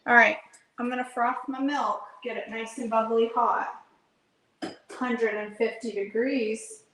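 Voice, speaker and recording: Woman, cooking show host, slightly high voice, folksy and chatty, talks to herself, home kitchen, echoey room. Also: fairly even intonation, measured pace, fairly bright tone. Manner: chatty, talks to herself and viewers while working; folksy slang, calls viewers girl. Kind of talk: live cooking chat.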